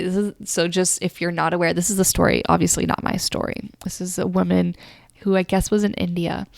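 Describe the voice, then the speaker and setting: A young woman host tells a personal story in an earnest, rambling way, with lots of fillers. Her voice is gravelly with frequent fry at a middle pitch. The recording is dry and close, with no room sound. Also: a little mellow, no echo. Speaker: podcast host. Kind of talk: casual storytelling monologue.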